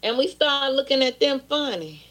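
A woman's voice: sits high, expressive, moderate pace, a bit bright. A woman pastor preaching an impassioned sermon, often turning into pleading prayer.

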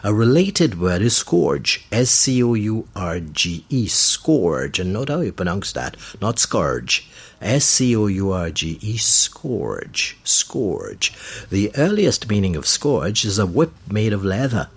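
A man hosting a radio program on word meanings, talking slowly and deliberately and spelling words out letter by letter. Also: on the low side, big pitch swings, breathy edge. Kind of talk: explanatory radio talk.

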